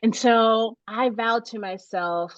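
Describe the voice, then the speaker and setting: A middle-aged American woman telling a story in a casual interview, animated and laughing often, with many restarts. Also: fairly high pitch, slow pace, dry recording, muffled recording. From United States. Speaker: author guest.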